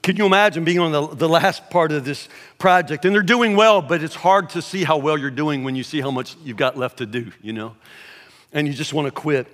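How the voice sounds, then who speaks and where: A man preaching a sermon in a folksy way, repeating words, saying y'all, and dropping to a low, quiet voice for emphasis. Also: brisk, long reverb tail. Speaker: pastor. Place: church hall.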